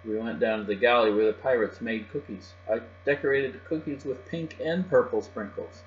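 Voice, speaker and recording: Man softly reading a picture book. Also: medium pitch, moderate pace. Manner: soft, even narration. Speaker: storybook reader. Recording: dull lo-fi with mains hum.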